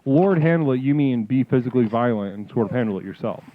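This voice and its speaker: A man hosting a live call-in stream, speaking with a deadpan, mock-guru manner in comedic chat. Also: mid-range voice, fast talker, no echo. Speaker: livestream host. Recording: tinny phone-like audio with faint music.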